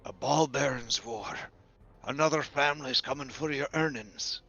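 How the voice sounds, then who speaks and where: Man, tabletop player, gravelly, slow, lo-fi audio. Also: mid-range voice, pushed and bright, faint music behind. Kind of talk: in-character tabletop role-play. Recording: dull lo-fi audio.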